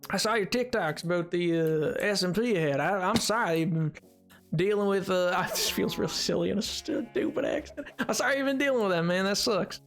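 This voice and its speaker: A man's voice: sits high, normal speed, fairly bright tone, soft background music. Man putting on a folksy Southern cowboy. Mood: folksy cheerful. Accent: put-on American Southern. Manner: drawling, folksy phrases, breaks into laughter. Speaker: streamer. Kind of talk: live game stream chatter.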